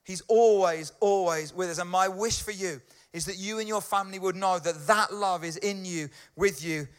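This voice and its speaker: A man's voice: sits high, normal speed, clear, resonant tone. A middle-aged man giving a conversational sermon, often checking in with his listeners. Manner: chatty, keeps checking in with listeners. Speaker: pastor.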